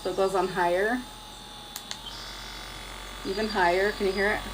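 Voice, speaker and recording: Casual woman vlogger, mid-pitched, chatty and rambling, live demo at home on a phone. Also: flat delivery, normal speed, noisy background. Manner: chatty, rambling, self-mocking.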